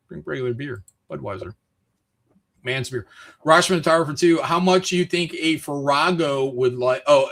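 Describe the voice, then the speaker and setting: A man from Michigan hosting a stream, ranting casually with lots of swearing. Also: on the high side. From Michigan, USA. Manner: rambling, swears often, animated rants. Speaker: streamer host. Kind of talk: casual chat.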